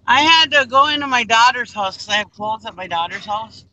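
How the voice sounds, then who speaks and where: A woman's voice: on the high side, expressive, fairly quick, muffled recording, crowd noise. A middle-aged woman on a group video call, telling a rambling story in casual chat and acting out the people in it. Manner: rambling, acts out quoted exchanges.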